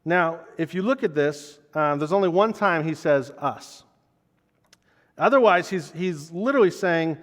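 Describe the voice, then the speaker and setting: A man's voice: fairly high pitch, lively intonation, measured pace, big-room sound. A man preaching a conversational sermon as pastor, earnest and personal, often repeating words as he restarts a thought.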